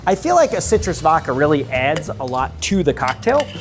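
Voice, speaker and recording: A man's voice: fairly high pitch, very animated, moderate pace, soft background music. A man working as a bartender, explaining a cocktail step by step in an upbeat way. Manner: upbeat, explanatory, walks through each step. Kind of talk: cocktail demonstration.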